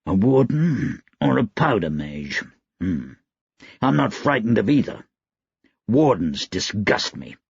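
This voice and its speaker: A man doing a growling, gravelly field marshal. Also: on the low side, very animated, takes it slowly, no echo, heavily acted. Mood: scornful. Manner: growling, terse. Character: gruff male field marshal, stern commander. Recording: dry, slightly dull recording.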